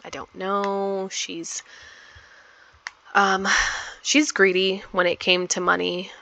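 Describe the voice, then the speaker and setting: A woman's voice: mid-range voice, level tone, slow, vocal fry, pushed and bright, no echo. Chatty woman narrating her gameplay. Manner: chatty, rambling with many ums. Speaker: gameplay vlogger. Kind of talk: casual game commentary.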